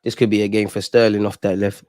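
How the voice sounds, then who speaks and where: A young man hosting a live football watch-along, animated and talking straight to the players and referee. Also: on the low side, fast, clear, resonant tone, dry recording, studio quality.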